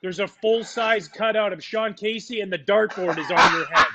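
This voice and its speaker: A man's voice: high-pitched, normal speed, muffled recording, heavy background noise. A man hosting a casual interview chat over a video call, upbeat and effusive. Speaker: host.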